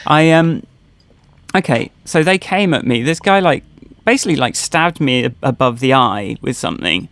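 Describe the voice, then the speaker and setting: A man's voice: medium pitch, expressive, moderate pace, fairly bright tone, no room sound. A man co-hosting a podcast, telling personal stories in casual chat, rambling with many fillers and restarts. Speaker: podcast co-host.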